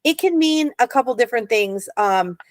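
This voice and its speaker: A woman's voice: on the high side, expressive, moderate pace, no room sound. A woman teaching an adult Hebrew reading class, patient and encouraging, explaining step by step.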